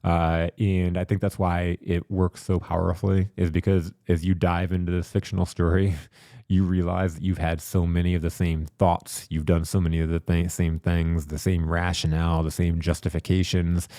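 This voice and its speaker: A man's voice: sits low, little pitch movement, normal speed, mellow, no room sound, studio quality. A man hosting a podcast, telling candid personal stories in a rambling, reflective way with many repeated words. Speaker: podcast host. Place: studio.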